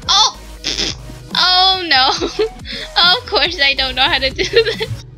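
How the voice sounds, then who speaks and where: A woman hosting a gaming video in an excitable commentary style, breaking into squeals and laughter. Her voice sits very high and leaps around constantly. Music plays clearly underneath her. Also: slow pace, low-quality recording. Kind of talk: excited let's-play commentary. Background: background music.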